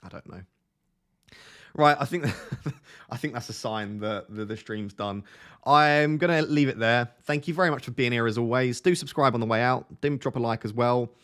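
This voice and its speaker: A young man from Essex with a softened Essex accent, chatting casually on a live stream, reading out viewer questions and laughing often. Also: medium pitch, moderate pace. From Essex, England. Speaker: fantasy football streamer.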